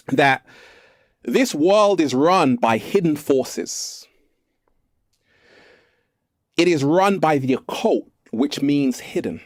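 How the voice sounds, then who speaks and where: A man from England talking casually to camera from an art gallery, playful and animated, stretching out his words. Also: on the high side, no echo, studio quality. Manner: animated, playful, slow drawn-out phrases, fond addresses to viewers. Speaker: vlogger and self-help speaker. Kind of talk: casual spiritual talk to camera.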